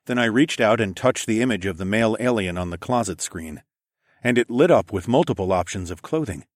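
A man's voice: fairly low pitch, animated, fairly quick, no echo, clean studio sound. A man reading a first-person story aloud in a casual, wry tone. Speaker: narrator.

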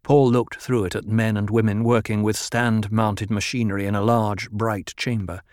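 A man narrating an audiobook in a calm, measured reading style. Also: lowish voice, dry recording, clean studio sound. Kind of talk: scripted narration.

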